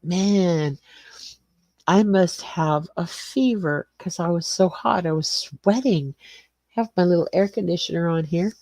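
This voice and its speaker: An older woman talks casually to her livestream viewers, greeting them by name and wandering from topic to topic. Her voice sits low and mellow. The sound is dry and close. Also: no echo, highs cut off. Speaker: livestream host. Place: small garage suite with cement floor.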